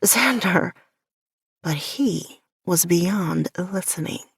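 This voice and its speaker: A woman narrating an audiobook in the first person with a measured, softly intimate delivery. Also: fairly low pitch, no room sound, clean studio sound.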